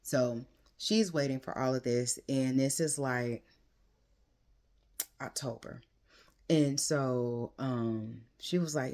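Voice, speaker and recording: Very deep-voiced woman chatting about a book. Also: slow pace, long pauses, darkish tone. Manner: rambling, chatty, heavy use of "um" and "like"; retells the story with quoted lines. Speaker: book reviewer. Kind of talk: casual book review chat.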